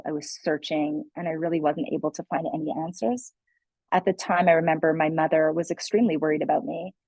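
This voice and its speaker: A woman's voice: low-pitched, darkish tone, dry recording, low-quality recording. A young adult woman, a guest speaker, telling her personal story in a candid, earnest way with many "like" and "you know" fillers. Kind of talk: personal testimony in a conversation.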